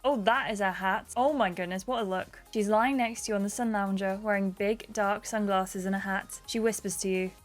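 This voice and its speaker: A woman's voice: medium pitch, fairly even intonation, a little fast, few pauses, soft background music. A woman hosting a gaming channel, reading a story game aloud with chatty asides.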